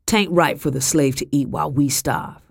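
A man's voice: fairly high pitch, moderate pace, vocal fry. A reader voicing a nasty, hungry male soldier who snarls and complains. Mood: snarling.

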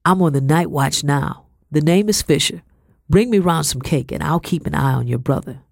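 A woman's voice: deep voice, moderate pace, gravelly, darkish tone, no echo, clean studio sound. A woman voicing a greedy older male prison guard who talks in a wheedling, folksy colonial way.

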